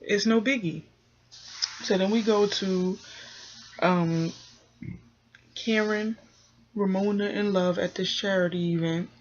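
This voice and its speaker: A woman's voice: medium pitch, steady tone, takes it slowly, pauses often, highs cut off. A woman giving a chatty, casual review of a reality TV episode, full of fillers and acted-out quotes. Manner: chatty, full of "you know" and "um", acts out quotes. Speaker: TV recap vlogger.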